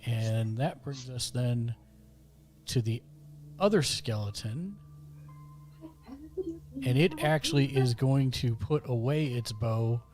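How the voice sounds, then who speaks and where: A man's voice: medium pitch, takes it slowly, long pauses, over music. A man running a tabletop game as game master, narrating the action steadily with small fillers.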